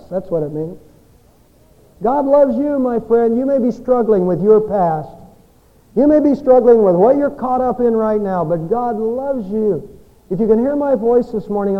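High-voiced man preaching with dramatic swings. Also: phone-quality sound. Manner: dynamic preaching, swinging between loud peaks and hushed endings. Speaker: pastor. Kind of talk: Christmas sermon with storytelling.

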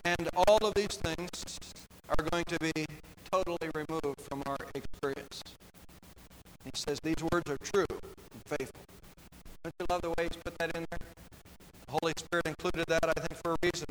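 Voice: mid-range voice, poor audio. A pastor preaching a sermon earnestly, repeating phrases for emphasis.

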